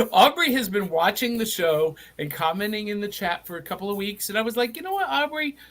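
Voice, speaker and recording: A man's voice: high voice, animated, brisk, fairly bright tone. A middle-aged man from Middle Tennessee hosting a live online show, chatty and enthusiastic with frequent restarts. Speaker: host.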